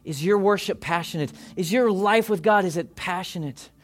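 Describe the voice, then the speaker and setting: A pastor preaching a sermon to his congregation, impassioned and swinging from loud calls down to hushed near-whispers. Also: high voice, moderate pace. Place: church service before a congregation.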